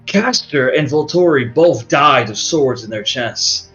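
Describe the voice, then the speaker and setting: A man's voice: mid-range voice, animated, measured pace, a bit bright. A man narrating a tabletop game as game master, in a casual, rambling way. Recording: dull lo-fi audio with faint music.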